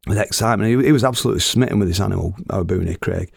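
Gravelly older Oldham storyteller. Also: male voice, on the low side, quick pace, no room sound. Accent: Oldham, Northern English. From Oldham, England. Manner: dry, wry, earthy and swearing; acts out quoted people in voices. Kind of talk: humorous storytelling.

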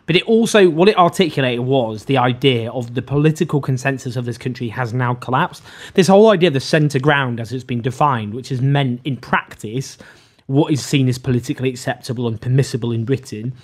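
A podcast co-host who trades quick, teasing banter and then argues political points earnestly. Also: mid-range voice. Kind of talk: casual political chat.

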